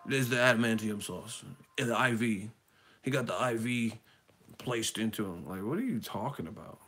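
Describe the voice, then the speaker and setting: A man hosting a boxing live stream, mocking viewers in a profane, fast-riffing rant. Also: fairly low pitch, a bit bright, slightly rough.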